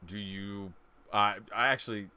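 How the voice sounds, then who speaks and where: Bright-voiced man running a tabletop game. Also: medium pitch, animated, moderate pace. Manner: rambling, with frequent fillers and laughs. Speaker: game master.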